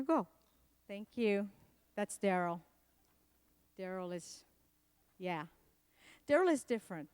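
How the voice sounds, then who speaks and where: A middle-aged woman from Latin America giving a comedic keynote talk, telling animated stories and acting out the people she quotes. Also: medium pitch, slow, pauses often, clean tone. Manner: animated storytelling, acts out quotes. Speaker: keynote speaker.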